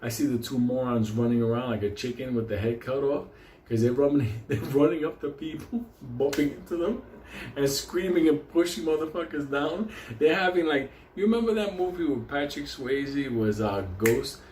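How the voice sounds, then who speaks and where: A man's voice: mid-range voice, normal speed, a little hiss or hum. A man tells a comic story full of swearing and bursts of laughter. His voice sits in a middle register. The room has a noticeable echo, with faint ambience behind him. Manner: animated, laughing, heavy swearing. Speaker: show host telling a story.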